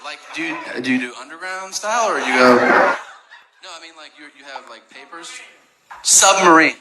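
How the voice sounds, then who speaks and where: A man's voice: fairly high pitch, lively intonation, brisk, roomy sound, heavy background noise. A man live-streaming, chatting with strangers in a teasing, profane way and laughing often.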